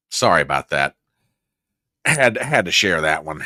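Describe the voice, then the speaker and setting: A man's voice: sits low, very animated, measured pace, long pauses, sharp tone, no echo, studio quality. A man hosting a casual news commentary show, rambling with sarcastic, joking asides. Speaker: host.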